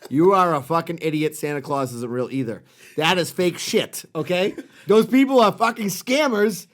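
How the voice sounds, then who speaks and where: A man's voice: a little high, moderate pace. A middle-aged man co-hosting a podcast, ranting and swearing in casual chat. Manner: profane, ranting. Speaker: podcast co-host.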